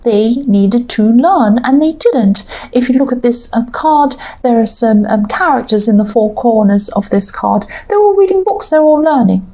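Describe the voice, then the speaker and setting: Mellow-voiced woman giving a rambling tarot reading. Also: on the high side, lively intonation, moderate pace, hardly any pauses. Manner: rambling, hesitant with many fillers, thinking aloud. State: has the hiccups. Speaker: tarot reader. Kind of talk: casual tarot reading to camera.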